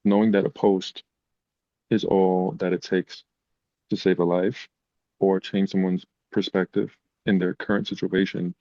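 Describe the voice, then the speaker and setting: A man's voice: deep voice, dry recording, dull audio. A man, a podcast guest, telling personal stories in a casual, emotional way. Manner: emotional, animated retelling. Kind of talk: casual storytelling.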